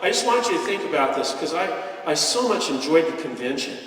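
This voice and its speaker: A man's voice: on the high side, very animated, fairly quick. Earnest man speaking in an echoey hall. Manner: earnest, heartfelt, with gentle jokes. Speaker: guest speaker at a business convention. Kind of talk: inspirational stage speech. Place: large convention hall, indoors. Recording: echoey hall, voice picked up from far off.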